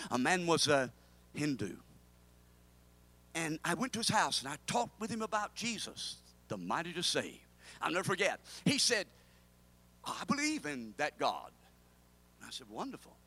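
A man preaches a sermon in a high-pitched, sharply bright voice. He swings from hushed, confiding asides to fervent near-shouts and leads call-and-response. The sound is close and dry. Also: dry recording. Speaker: pastor.

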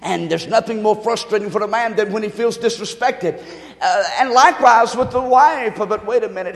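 A man preaching a sermon in call-and-response style, swinging from quiet murmurs to shouts, in an echoey hall. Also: high voice, animated, moderate pace.

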